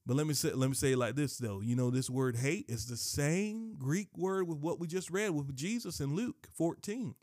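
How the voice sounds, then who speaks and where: A man's voice: a little high, moderate pace, few pauses, a little mellow, dry recording, studio quality. A man preaching a sermon, emphatic, repeating key phrases and reading scripture aloud. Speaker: pastor.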